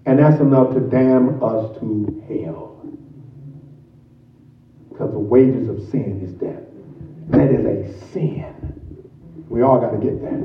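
A man's voice: medium pitch, slow pace, long pauses, heavy background noise. A man preaching a sermon, emphatic and repeating key phrases for weight. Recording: roomy, distant, dull sound.

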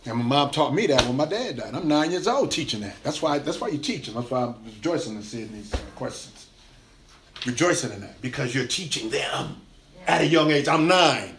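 Against a noisy background, a brisk, medium-pitched male pastor preaches in a relaxed, conversational way, laughing often and beginning his phrases again and again.

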